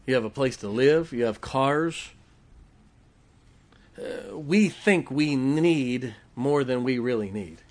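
A man's voice: mid-range voice, animated, slow. A middle-aged man preaching a folksy sermon, often asking the congregation questions. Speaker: pastor.

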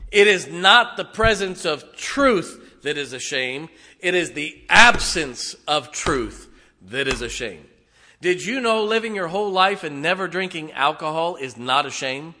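Older male pastor, slightly high and bright-toned voice, emphatic sermon delivery, long church reverb. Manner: emphatic, swings from booming declarations to quiet wry asides. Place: church sanctuary.

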